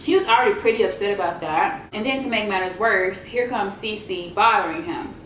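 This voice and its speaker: A woman vlogger tells a story between bites, chatty and animated, and talks to her viewers as y'all. Her voice sits in a mid range. The room adds a noticeable echo, with a faint hum underneath. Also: mid-range voice, fairly quick. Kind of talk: casual storytelling while eating.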